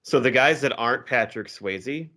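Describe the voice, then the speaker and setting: A man's voice: mid-range voice, moderate pace, pushed and bright. A man co-hosting a podcast, talking eagerly about a film and acting out lines from it. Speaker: podcast co-host. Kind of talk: casual chat.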